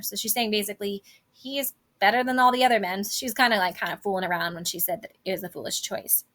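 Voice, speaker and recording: A woman's voice: mid-range voice, fast, fairly bright tone. A woman teacher casually explaining a play scene in her own words, with many fillers.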